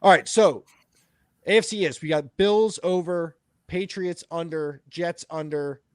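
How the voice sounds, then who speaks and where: A man's voice: a little high, unhurried, no room sound, studio quality. Man hosting a casual sports podcast. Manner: runs the segments, hesitant restarts. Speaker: podcast host.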